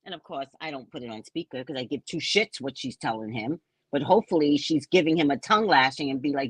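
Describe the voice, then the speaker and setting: An older woman telling a story to her audience, with a husky voice and a pitch that swings widely. She talks slowly and animatedly, and mimics the people she quotes. The recording is dry and close. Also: very animated, no echo. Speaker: host. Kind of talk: casual storytelling monologue.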